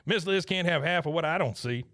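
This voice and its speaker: A man voicing a scheming, fast-talking older boss, in a podcast recap. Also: fairly high pitch, fairly bright tone, no echo, clean studio sound, pitched above the performer's own voice, close to an everyday voice. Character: blustery older Texan male boss, scheming.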